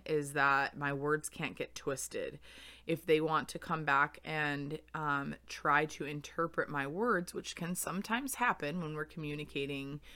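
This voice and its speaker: A young woman hosts a podcast on her own and talks in a candid, reflective way, laughing easily. Her voice sits low in pitch but has a bright, crisp edge. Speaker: podcast host. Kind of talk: solo podcast talk.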